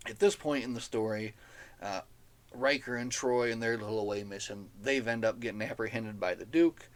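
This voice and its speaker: Chatty man recapping a novel. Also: lowish voice. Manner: enthusiastic, chatty, laughs at the story. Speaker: podcast host reviewing a novel. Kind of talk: casual book recap.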